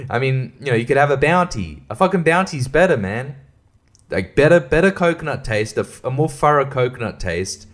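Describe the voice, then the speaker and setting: A man, hosting a casual solo podcast, rambling and swearing with frequent laughs, short on sleep. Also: mid-range voice. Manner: rambling, profane, laughing often. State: sleep-deprived. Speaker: podcast host.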